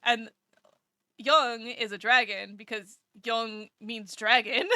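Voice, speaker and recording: A woman's voice: fairly high pitch, steady tone, slow, sharp tone, no room sound, clean studio sound. A woman VTuber chatting casually with her live-stream chat, sleepy and rambling as she greets viewers.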